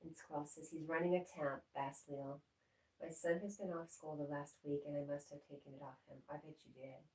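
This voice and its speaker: Low, mellow woman streaming from an echoey room. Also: steady tone, brisk, far from the mic. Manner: coos baby talk to her pets, laughing often. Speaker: live streamer reading chat. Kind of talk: casual chat reading comments aloud. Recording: echoey room, voice a bit off-mic, faint noise.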